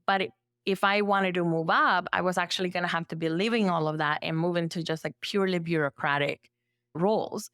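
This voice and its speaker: A woman therapist from El Salvador, speaking as a podcast guest in a relaxed storytelling way, full of "like" fillers and lively acted-out quotes. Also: on the low side, brisk, no echo, clean studio sound. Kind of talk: conversational storytelling.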